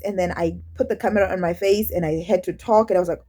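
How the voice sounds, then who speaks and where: A woman vlogger talking openly to her camera, candid and halting, often restarting her sentences and acting out quoted remarks. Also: mid-range voice, mellow. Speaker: YouTube vlogger. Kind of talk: personal confessional vlog.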